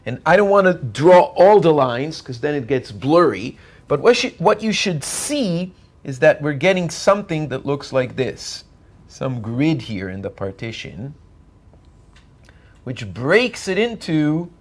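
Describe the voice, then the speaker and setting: A male university lecturer working through a math lecture at an unhurried pace. His pitch rises and falls widely as he explains each step while drawing, and he keeps pausing to ask whether the class follows. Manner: checks in with students often.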